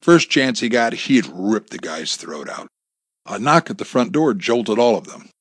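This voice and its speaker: A man narrating a thriller audiobook with expressive storytelling, close to the mic. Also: lowish voice, unhurried, breathy edge, no room sound.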